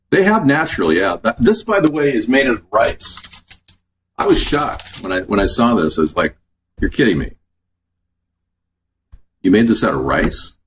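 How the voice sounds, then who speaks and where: A man's voice: fairly low pitch, a little hiss or hum. A man hosting a casual cooking show from his home kitchen, chatting and answering viewer comments as he goes. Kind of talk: casual live-stream cooking chat.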